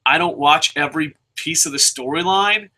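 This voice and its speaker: A man's voice: a little high, moderate pace, bright, forceful tone, poor audio. A man reviewing a wrestling show in a casual, rambling rant, swearing heavily and jumping between thoughts. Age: adult with a son.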